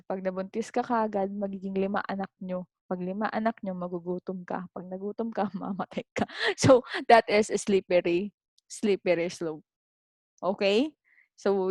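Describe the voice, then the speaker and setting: A woman's voice: mid-range voice, dry recording. A woman with a Filipino accent teaching an online philosophy class, switching between English and Tagalog in a chatty way and often checking in with "okay?".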